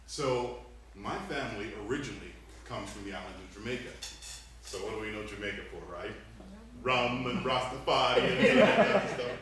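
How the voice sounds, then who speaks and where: A man in his thirties, from Panama, giving an animated humorous speech to a club, laughing between lines. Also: mid-range voice, moderate pace. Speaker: club speaker. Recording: echoey room, distant mic, faint noise.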